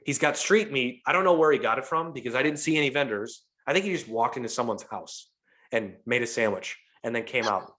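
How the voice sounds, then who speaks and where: Brisk and medium-pitched, the St. Louis podcast host launches into a lengthy party story peppered with profanity. The chat is casual, and he performs the quotes with animated energy.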